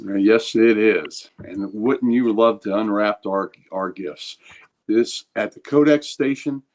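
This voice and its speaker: A man's voice: fairly low pitch, takes it slowly, a little mellow. A man co-hosting a comic book stream, chatting in an easygoing, rambling way with plenty of fillers. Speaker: co-host. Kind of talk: casual chat.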